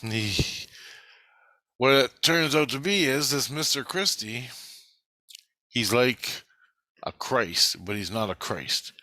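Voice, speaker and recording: With long pauses and a slow pace, a man recounts his personal spiritual experiences in a vlog, swearing freely and restlessly restarting and correcting his sentences. His mid-range voice has a sharp tone, and there's no room sound.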